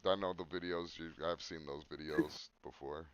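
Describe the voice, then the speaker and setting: A man's voice: very deep voice, fairly even intonation, normal speed, lo-fi sound, a little hiss or hum. A man hosting a podcast in casual chat, joking crudely and swearing. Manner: crude joking, breaks into silly put-on voices. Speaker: podcast host.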